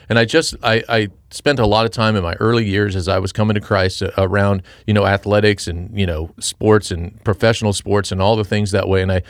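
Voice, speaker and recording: A middle-aged man with a halting, earnest way of talking, sharing thoughts on a Bible chapter in a casual discussion. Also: lowish voice, fairly even intonation, dry recording, clean studio sound. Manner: earnest, halting, with many restarts and fillers. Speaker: podcast co-host and Christian father.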